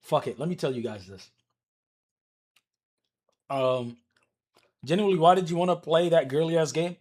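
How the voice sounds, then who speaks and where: A man livestreaming and telling a story to his chat, animated and profane, moving between mutters and shouts. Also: fairly high pitch, moderate pace.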